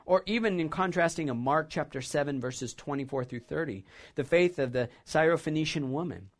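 A man's voice: fairly high pitch, expressive, brisk. A male pastor preaching a sermon, retelling a scripture passage as a story and reflecting on what it means.

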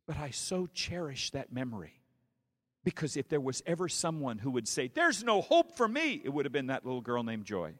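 A male preacher telling a story in a sermon, with dramatic swings from hushed to loud. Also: medium pitch, fairly quick, big-room sound.

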